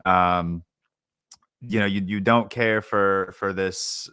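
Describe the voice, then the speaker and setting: A man's voice: low voice, fairly even intonation, slow, bright, forceful tone, clean tone, no room sound, clean studio sound. A young man co-hosting a podcast, chatting casually about a film with lots of fillers and restarts. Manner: rambling with many fillers and restarts. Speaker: podcast co-host, film reviewer. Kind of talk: casual movie review chat.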